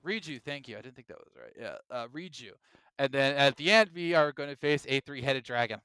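Man, podcast co-host, casual chat, bright and crisp voice, dry sound, excitable. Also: mid-range voice, brisk, no echo. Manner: excitable, acts out reactions in quoted voices.

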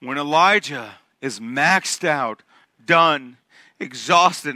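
A man preaching a sermon who speaks emphatically and swings from hushed whispers to near-shouts. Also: high-pitched, expressive, unhurried, no room sound. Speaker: pastor.

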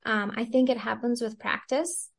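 A woman with a slightly high, creaky voice, fairly even intonation and normal speed talks as a podcast guest in casual interview chat. She works as a Christian stress coach and comes across chatty and reflective, thinking aloud amid many "like" fillers.

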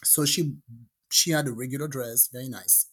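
A woman telling a personal story in casual chat, acting out what people said with lively energy. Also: rumbling low, normal speed, slightly rough. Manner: animated storyteller, acts out quotes.

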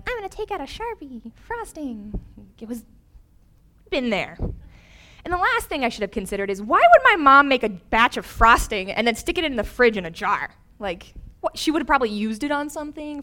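Animated woman preaching a sermon. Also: a little high. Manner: lively storytelling, animated quoted voices. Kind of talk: sermon with personal story.

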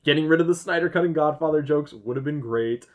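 A man's voice: fairly high pitch, fast talker. Ranting profane man in his thirties. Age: 30s. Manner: ranting, profane, heavy use of "like". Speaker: podcast co-host. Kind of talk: casual movie-review chat.

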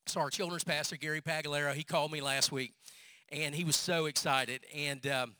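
A male pastor preaching a sermon as an animated storyteller who repeats phrases for emphasis. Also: fairly high pitch, a little fast, clean tone, no room sound.

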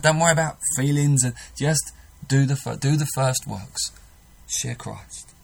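A man's voice: medium pitch, moderate pace, vocal fry, few pauses, poor audio. A man preaching a sermon, earnest and emphatic, often restarting his sentences.

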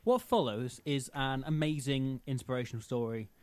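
A man's voice: medium pitch, normal speed, over music. A man co-hosting a casual film podcast, telling stories in a chatty, self-deprecating way. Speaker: podcast co-host. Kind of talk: casual chat.

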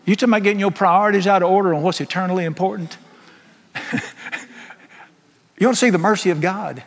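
A man preaching a sermon as pastor, animated and joking, with lots of rhetorical questions. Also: sits high, fast. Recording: long hall reverb.

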